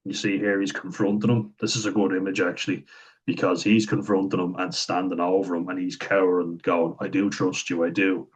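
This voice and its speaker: A man's voice: sits low, flat delivery, brisk, slightly rough, low-quality recording. An Irish man talking through a series in casual commentary, blunt and chatty, acting out the quoted lines as he goes. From Ireland.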